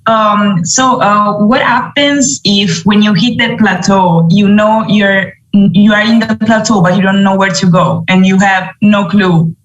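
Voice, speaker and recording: A woman's voice: medium pitch, fairly even intonation, measured pace, hardly any pauses, muffled recording. A woman in the audience asks a question hesitantly, searching for her words. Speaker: audience member asking a question.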